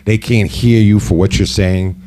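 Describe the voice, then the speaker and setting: A man's voice: fairly low pitch, fairly even intonation, a little slow, mellow. A middle-aged man telling a personal story in a casual, heated monologue, with frequent "you know" asides. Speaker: host.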